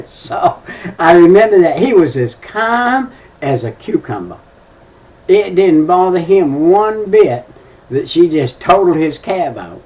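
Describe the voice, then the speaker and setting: A man's voice: fairly high pitch, very animated, takes it slowly, darkish tone, far from the mic. An older man preaching a folksy sermon, telling stories with emphatic, chuckling delivery.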